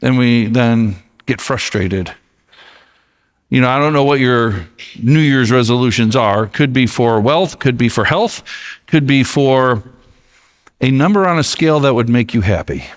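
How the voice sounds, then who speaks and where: A man's voice: mid-range voice, expressive, a little slow, in a large hall. A male pastor giving a sermon in a conversational, storytelling way, recorded in a church sanctuary.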